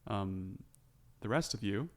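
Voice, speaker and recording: A man narrating as game master of a tabletop game, relaxed and chatty with lots of fillers. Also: on the low side, slow.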